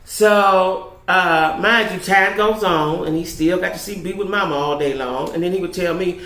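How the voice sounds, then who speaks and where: A woman's voice: on the low side, moderate pace, few pauses, fairly bright tone. A woman vlogger telling a dating story in a blunt, profane way, often tagging her lines with "right?". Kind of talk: storytime vlog. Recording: roomy echo.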